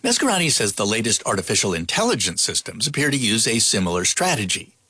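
A male news reporter reads his script in a bright, lively voice. The sound is dry and close, with a slightly breathy edge. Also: lowish voice, quick pace, no echo.

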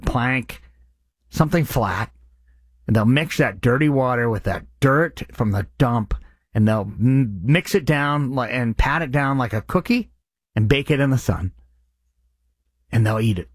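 A man's voice: medium pitch, normal speed, dry recording, clean studio sound. A man hosting a radio charity appeal, speaking in an earnest, impassioned way. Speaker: radio host.

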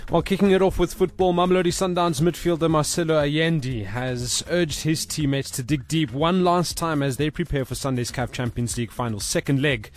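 A man reading the sports news on the radio, brisk and upbeat. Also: a little high, faint music behind. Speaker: sports presenter.

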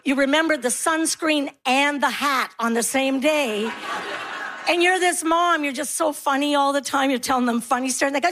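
High-voiced exasperated comic mom. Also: female voice, normal speed. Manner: animated, exasperated, acts out her kids and herself. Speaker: stand-up comedian. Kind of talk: stand-up comedy storytelling.

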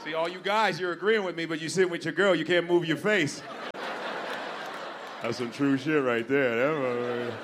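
A man's voice: a little high, moderate pace, very noisy. A male stand-up comedian performing an exasperated, profane routine and talking straight to the audience. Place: comedy club stage.

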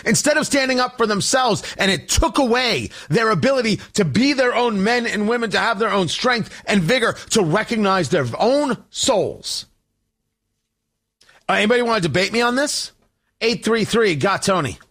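A man hosting a talk radio show, delivering opinionated commentary in an emphatic, deliberate way with sarcastic asides. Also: high-pitched, fairly bright tone.

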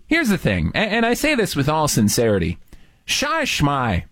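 Teasing radio host man, very animated. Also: a little high, moderate pace, dry recording. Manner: playful and teasing. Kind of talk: casual radio banter with a caller.

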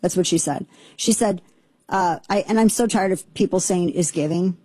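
A woman hosts a talk radio show in a low, mellow, slightly husky voice. She rambles in an indignant, sarcastic tone. The sound is dry and close on a studio microphone. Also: moderate pace, no echo. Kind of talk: opinionated talk radio monologue.

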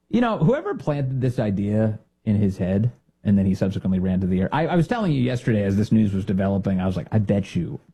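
A man delivers sarcastic political commentary, mocking and animated. His voice is mellow and dark, with a husky edge. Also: on the low side. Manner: mocking, animated, mimics others in silly voices. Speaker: commentary show host.

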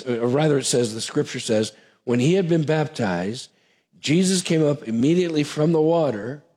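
Husky-voiced male pastor teaching. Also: medium pitch, a little mellow. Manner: earnest, conversational preaching with restarts and asides. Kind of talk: sermon teaching.

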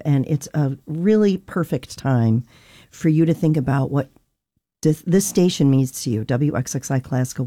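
Low gravelly woman on morning radio. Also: dark tone, no echo. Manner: enthusiastic, persuasive. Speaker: station colleague, guest in studio. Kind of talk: casual on-air chat. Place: radio studio. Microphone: studio microphone.

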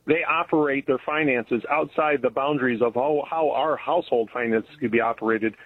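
A man's voice: mid-range voice, moderate pace, slightly rough. A man calling in to a talk radio show, speaking in an earnest, folksy way. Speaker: caller. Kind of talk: call-in radio chat. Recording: tinny phone line.

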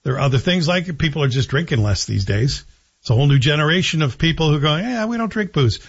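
A man's voice: a little high, expressive, fast talker, husky, dull audio. A man hosting a talk radio show, giving sardonic, opinionated commentary. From Scotland.

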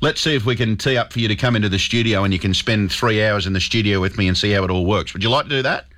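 A man's voice: on the low side, fast talker, fairly bright tone. A man with an Australian accent hosting talkback radio, chummy and upbeat, calling callers mate. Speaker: radio host. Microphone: studio microphone.

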